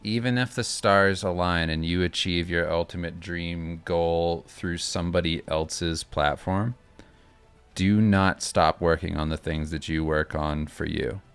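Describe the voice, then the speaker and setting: A man giving earnest, loose advice in a casual chat, halting and restarting as he talks. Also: deep voice, steady tone, a bit bright, clear, resonant tone, soft background music. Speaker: artist streamer.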